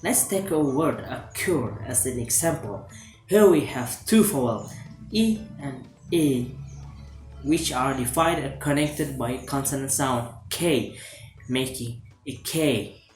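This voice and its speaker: A man reads a phonology lesson aloud as a student presentation. His delivery is steady and scripted, with the odd stumble and restart. The room gives his voice a roomy echo, and faint music plays underneath. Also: mid-range voice, slow pace. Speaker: student presenting a class assignment.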